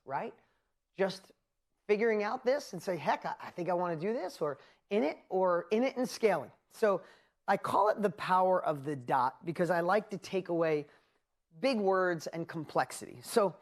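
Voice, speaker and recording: A middle-aged woman with a New York accent giving a motivational seminar talk as a business coach, telling stories and acting out her own inner voice. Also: fairly low pitch. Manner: animated storytelling with acted-out inner voices.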